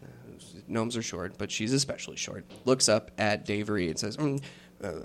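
A man narrating a tabletop game as game master, unhurried and rambling, with many fillers. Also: lowish voice, slight background noise.

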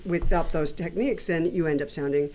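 A woman's voice: deep voice, a little fast, mellow. Woman guest explaining songwriting technique. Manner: agreeable, explanatory. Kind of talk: casual chat about songwriting.

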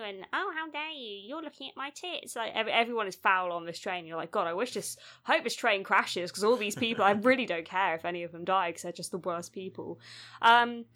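A woman's voice: lowish voice, a bit bright. A young woman chatting casually about films as a podcast co-host, wry and freely swearing. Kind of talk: casual film chat.

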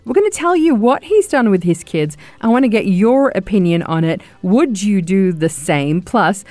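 A woman hosting a radio show, asking quick, upbeat questions and teasing the next segment. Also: mid-range voice, lively intonation, a little mellow, dry recording. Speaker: radio host.

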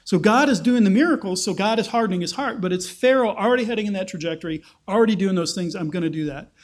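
Male preacher, higher register, conversational sermon delivery. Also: lively intonation, quick pace. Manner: conversational, explanatory, acts out quotes. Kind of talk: sermon, Bible teaching.

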